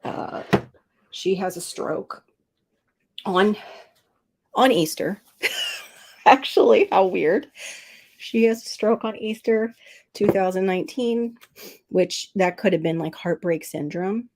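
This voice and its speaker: A woman's voice: medium pitch, slow pace, pauses often, darkish tone. A middle-aged woman hosting a casual livestream, telling a personal story while teary and sniffling. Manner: emotional, tearful storytelling, sniffling. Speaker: livestream host. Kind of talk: casual livestream chat with viewers.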